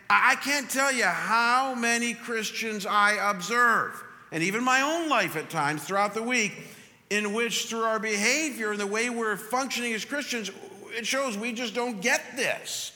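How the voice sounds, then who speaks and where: A man preaching a sermon as pastor, talking straight to his congregation in an animated way. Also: high voice. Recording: long hall reverb.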